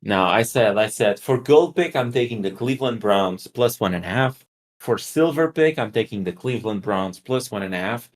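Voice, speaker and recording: A man's voice: fairly low pitch, lively intonation, normal speed. A man co-hosting a casual sports betting podcast, teasing his co-host and joking about his picks.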